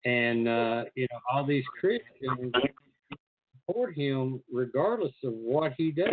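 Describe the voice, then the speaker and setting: A man's voice: medium pitch, animated, a little slow, slight background noise. Guy hosting a call-in show, chatty questions, phone line quality. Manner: conversational, probing questions. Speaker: host. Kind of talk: casual call-in chat.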